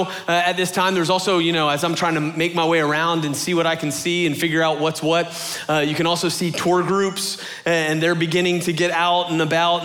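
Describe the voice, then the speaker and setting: A man preaching a sermon, telling a travel story in a chatty, conversational way, often calling his listeners "you guys" and restarting his sentences. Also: a little high. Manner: animated retelling with fillers and restarts. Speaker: pastor.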